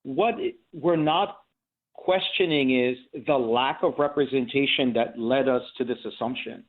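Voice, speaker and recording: A man from the Philadelphia area speaks as a guest, earnestly explaining his points and posing rhetorical questions. His voice sits at an ordinary middle pitch. It comes through a narrow, tinny line, as if over the phone. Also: a little slow. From Philadelphia area, USA. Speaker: journalism professor, guest.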